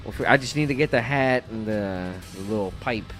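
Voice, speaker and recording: A man's voice: lowish voice, a little fast, fairly bright tone, faint music behind. A man hosting a podcast, chatting casually in a loose, joking, profane way. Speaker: podcast host. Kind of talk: casual chat.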